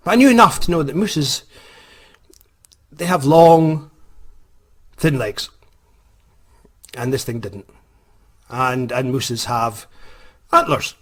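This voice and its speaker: A Scottish man, an author and vlogger, tells a casual story in a rambling, self-mocking way, hesitating with lots of ums. His mid-range voice is a bit bright.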